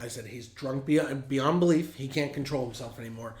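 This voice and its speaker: A man's voice: mid-range voice, a little fast, few pauses. A man hosting a podcast, telling a story in a blunt, heated and profane way. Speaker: podcast host. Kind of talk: casual storytelling. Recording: roomy echo.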